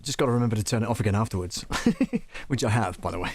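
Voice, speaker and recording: A chatty man with a slightly low voice talks through an audio tutorial on a live stream. He thinks aloud as he goes and laughs at his own jokes. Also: brisk, noisy background. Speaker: host demonstrating audio gear.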